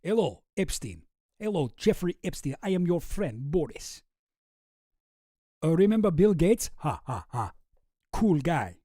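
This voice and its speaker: A man's voice: sits high, very animated, moderate pace, warm tone, no room sound, studio quality, voice pushed up. A man putting on a campy, vampire-like Russian accent to read out another man's emails. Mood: mock-sinister.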